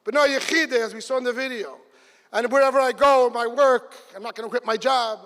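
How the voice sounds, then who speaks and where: A middle-aged man giving a lively storytelling speech to a gathering in a large hall, breaking into excited exclamations. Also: extremely high pitch, fairly quick. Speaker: speaker at a community gathering. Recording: long reverb of a big hall.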